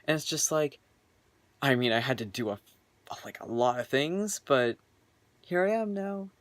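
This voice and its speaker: A man's voice: on the high side, expressive, moderate pace, dry recording. Rambling young man vlogging from his bedroom. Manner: rambling, filler-heavy, earnest. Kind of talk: casual personal vlog.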